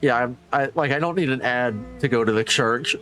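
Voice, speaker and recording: A man's voice: mid-range voice, fairly quick, loud music behind the voice. Chatty male game streamer. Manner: chatty, rambling, with restarts while reading game text. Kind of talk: casual live-stream commentary.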